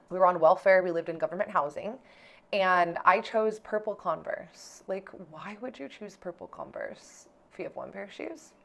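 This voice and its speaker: Chatty young woman, filler-heavy vlog talk. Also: medium pitch. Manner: chatty, heavy use of "like", swears freely. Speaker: vlogger. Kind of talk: casual personal storytelling.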